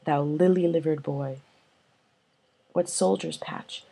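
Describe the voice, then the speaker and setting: A woman's voice: low-pitched, steady tone, slow pace, gravelly, dark tone, breathy edge, exaggerated voice. A woman reading the lines of a furious, defiant king from a play aloud for a lesson, in a plain read-aloud style. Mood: scornful. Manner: reading Shakespeare verse aloud with rising emphasis.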